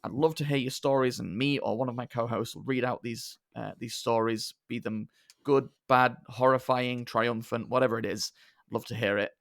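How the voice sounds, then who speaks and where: A man's voice: mid-range voice, steady tone, moderate pace, gravelly, fairly bright tone, no echo, clean studio sound. A man hosting a podcast, talking politely and a little hesitantly with many fillers as he wraps up the episode. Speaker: podcast host. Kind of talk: casual podcast sign-off.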